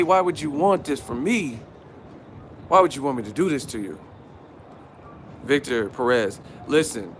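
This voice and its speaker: A man in a hotel room doing a casual, hyped-up boxing vlog rant, brash and teasing, swearing freely and swinging between loud hype and low muttering. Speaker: boxing commentary vlogger.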